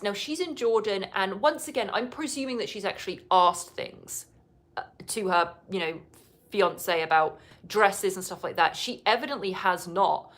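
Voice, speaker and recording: A woman's voice: medium pitch, a bit bright. A woman talks through a reality TV episode in a loose, conversational way, with dry asides. Now and then she slips into short impressions of the people on the show. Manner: chatty, wry, breaks into quick impressions of people on the show. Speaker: podcast host. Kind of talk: casual reality TV recap. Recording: live podcast recording.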